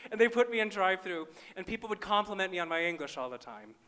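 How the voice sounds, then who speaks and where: Performing live at a festival with a handheld mic, this small-town Minnesota comedian talks fast in a high, bright, sharp voice with big pitch swings. His wry timing leans self-deprecating.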